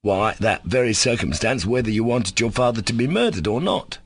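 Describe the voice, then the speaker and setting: A man voicing a sickly, insolent male servant who speaks slowly and sarcastically with controlled defiance. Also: lowish voice, lively intonation, husky. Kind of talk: audiobook character reading.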